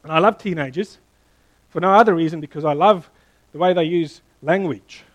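A middle-aged man preaching a sermon, animated and playful, quizzing the congregation and then dropping to a hushed tone for emphasis. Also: a little high, normal speed, dull audio. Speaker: pastor.

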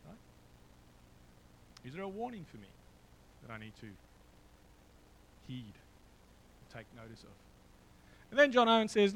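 A man's voice: fairly high pitch, sing-song, normal speed, pauses often, fairly bright tone, poor audio. A man preaching a sermon in a conversational way, with frequent fillers and asides. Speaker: pastor. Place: church hall with a slideshow.

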